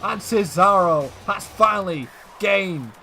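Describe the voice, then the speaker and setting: High-pitched, excitable man calling wrestling. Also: slow, faint music behind. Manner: excitable, often shouting, repeats "ladies and gentlemen". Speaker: wrestling game commentator. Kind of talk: excited play-by-play commentary.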